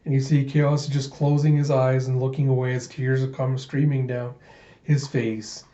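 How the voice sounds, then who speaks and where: A man's voice: medium pitch, level tone, moderate pace, warm tone. A man casually narrating a comic readthrough, chatty and loose, adding sound effects, in a roomy, dull recording.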